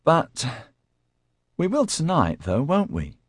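A deep-voiced narrator puts on a jittery, clingy young man, pitched well above his own voice. He is petulant and whiny, and his anxious lines jump up and down. It is a character voice in an audiobook, recorded dry and close. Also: wildly swooping pitch, slow, dry recording, full character voice.

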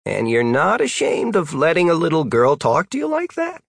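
A man's voice: a little high, wildly swooping pitch, normal speed, gravelly, husky, dry recording, voice pushed up, exaggerated voice. A man voicing a teasing adult male wizard companion who needles his friend in a dry, matter-of-fact way.

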